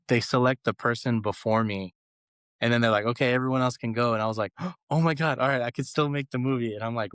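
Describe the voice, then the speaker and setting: Male podcast cohost, low and resonant, lively chatty storyteller. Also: smooth, dry recording, clean studio sound. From Los Angeles. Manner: animated storytelling, acts out quotes with laughs. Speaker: guest cohost. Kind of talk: casual podcast chat.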